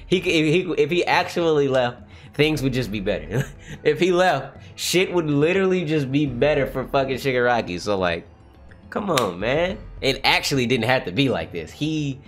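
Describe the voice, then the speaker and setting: A young man streaming a live read-along reaction, swearing freely and swinging from low mutters to high shouted outbursts. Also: expressive, moderate pace, soft background music. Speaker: streamer reacting to a manga chapter.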